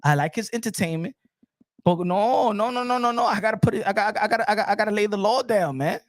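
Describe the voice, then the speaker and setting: A man giving animated casual commentary as a boxing commentator, excitable, repeating himself and dropping in Spanish phrases. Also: high voice, fast, dry recording, clean studio sound.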